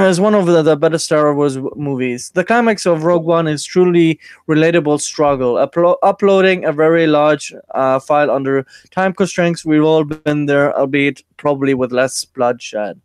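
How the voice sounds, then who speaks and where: A man's voice: fairly high pitch, normal speed, few pauses, smooth, no echo, studio quality. A man hosting a casual podcast, reading an article aloud with sarcastic, swearing asides. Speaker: podcast host.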